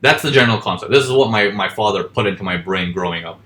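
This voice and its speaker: A man's voice: on the low side, pushed and bright. A man teaching forex trading in a casual lesson, asking questions and answering them himself. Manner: acts out panicking traders in quick voices. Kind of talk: casual live teaching over charts.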